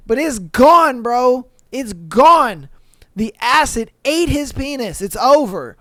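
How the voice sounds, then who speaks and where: A man's voice: very high-pitched, very animated, takes it slowly, a bit bright, no echo, clean studio sound. A man hosting a podcast, reading listener stories aloud and reacting with laid-back, profane, joking asides. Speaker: podcast host.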